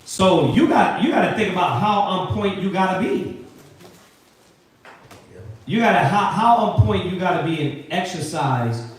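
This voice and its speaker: A man teaching a Sabbath scripture class, preaching in an animated, slangy way and firing questions at the group. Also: high-pitched, unhurried, very echoey, far from the mic, rough recording. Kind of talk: call-and-response scripture teaching. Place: classroom or meeting hall with a live group.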